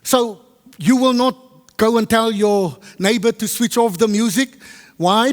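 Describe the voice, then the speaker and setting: A man preaching to a congregation, lively and teasing, switching between English and Afrikaans and quizzing his listeners. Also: very high voice, unhurried. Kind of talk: teaching sermon to a congregation. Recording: long hall reverb.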